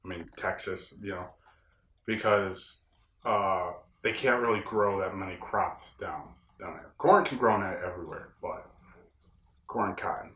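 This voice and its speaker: A young man from upstate New York rambles through a casual solo talk in a plain, folksy way. His voice sits on the low side. It carries a noticeable roomy echo from the room on the ranch where he records. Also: measured pace, a bit bright, a little hiss or hum. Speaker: podcast host.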